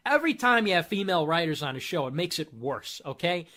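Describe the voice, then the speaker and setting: A man's voice: on the high side, sing-song, fast talker, sharp tone. A man hosting a commentary show, ranting in a sarcastic, mocking way and slipping into put-on voices. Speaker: show host.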